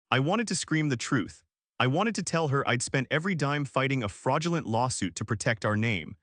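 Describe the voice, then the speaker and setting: Brief: male story narrator, mid-pitched, steady delivery, dry close sound. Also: no echo. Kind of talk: first-person story narration.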